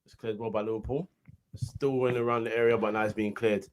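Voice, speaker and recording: A man's voice: fairly low pitch, steady tone, quick pace. A young man giving casual play-by-play football commentary, chatty and naming players as the game goes.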